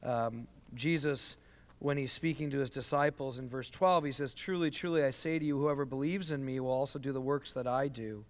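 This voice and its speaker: A man preaching as a pastor, measured as he reads scripture aloud and explains it plainly. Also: mid-range voice. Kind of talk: sermon. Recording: long church hall reverb.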